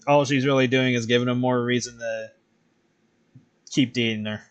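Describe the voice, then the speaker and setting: A man streaming while he draws, chatting casually in a relaxed, rambling way with plenty of swearing. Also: mid-range voice, normal speed, clean tone. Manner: relaxed, profane, rambling with chuckles. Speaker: streaming artist. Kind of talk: casual chat while drawing.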